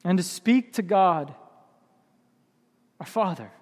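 A man's voice: high-pitched, animated, slow pace, long reverb tail. A man preaching a sermon as pastor, with impassioned, building emphasis.

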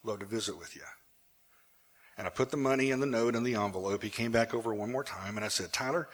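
A male pastor telling a personal story in a sermon, animated at times and hushed in the emotional moments. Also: fairly low pitch, quick pace.

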